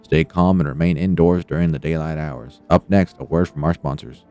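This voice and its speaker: Man reading as news broadcaster, deep voice, brisk, faint music. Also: fairly even intonation, warm tone. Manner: brisk read-aloud news delivery. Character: adult male emergency news broadcaster.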